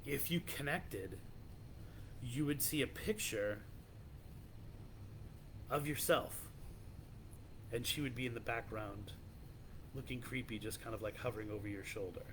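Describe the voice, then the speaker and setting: A man's voice: mid-range voice, unhurried, long pauses, background noise. A man hosting a podcast, casually telling a creepy legend in a loose, rambling way with many restarts. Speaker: podcast host.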